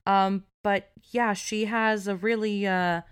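Brief: a chatty woman co-host, mid-pitched, recounting true crime with casual swearing. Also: steady tone, slow pace, clean tone. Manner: chatty, swears freely, many "like"s. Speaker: podcast co-host.

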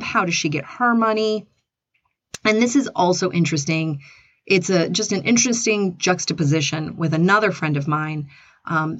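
A woman's voice: on the low side, a bit bright. A woman hosting a podcast, telling stories in a chatty, rambling, casual way. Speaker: podcast host. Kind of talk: casual monologue. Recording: dull, slightly lo-fi dry recording.

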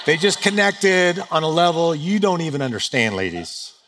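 A man's voice: fairly high pitch, very animated, moderate pace, a bit bright. A man preaching a sermon to a live audience in a humorous, conversational way, joking at his own expense. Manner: humorous, conversational, self-deprecating. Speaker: pastor. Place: stage before a live audience.

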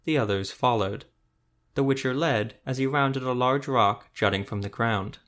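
A man reading a fantasy story aloud as narrator, in a steady, even manner. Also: medium pitch, moderate pace. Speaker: audiobook narrator. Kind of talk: scripted narration.

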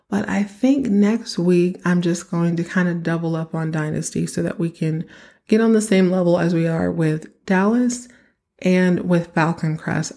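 A young woman from Texas talks through a solo podcast episode in a loose, chatty way, leaning hard on her advice to the listeners. Her voice sits a little low for a woman. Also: darkish tone. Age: young adult. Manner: chatty, emphatic, giving advice directly to listeners. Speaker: podcast host. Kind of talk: casual solo podcast monologue.

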